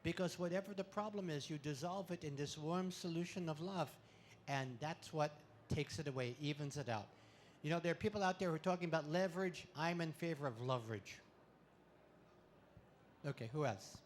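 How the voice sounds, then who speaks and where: A man giving a playful talk to an audience at an expo, full of deadpan puns and laughter exercises, speaking into a handheld mic. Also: on the high side, normal speed, a little hiss or hum. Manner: pun-filled deadpan jokes. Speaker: comedic spiritual speaker.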